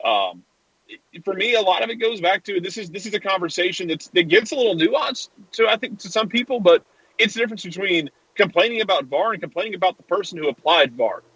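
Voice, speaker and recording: A man's voice: high-pitched, animated, fairly quick, a bit bright, husky, no echo, lo-fi sound. A man co-hosting a casual soccer podcast, wry and sarcastic. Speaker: podcast co-host. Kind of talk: casual sports talk.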